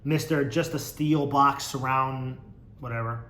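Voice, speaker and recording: A man's voice: medium pitch, normal speed, pauses often, a bit bright, echoey room, a little hiss or hum. A man hosting a casual podcast, reading viewer comments aloud and mocking them sarcastically, swearing freely. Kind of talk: casual chat.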